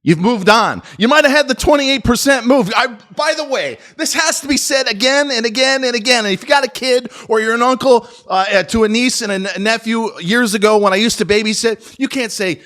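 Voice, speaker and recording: A middle-aged man delivering a profane, combative stock market rant, swinging between loud jabs and low muttered asides. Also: fairly quick, hardly any pauses. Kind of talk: ranting market commentary video.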